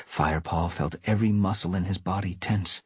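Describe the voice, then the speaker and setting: A man narrating a novel in a lively storytelling manner during a live reading. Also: sits low, brisk, slightly rough, dry recording. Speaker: reader.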